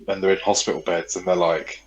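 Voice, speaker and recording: A man's voice: low-pitched, flat delivery, brisk, rough recording. A man co-hosting a podcast in casual chat, rambling and repeating himself, swearing freely. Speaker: podcast co-host.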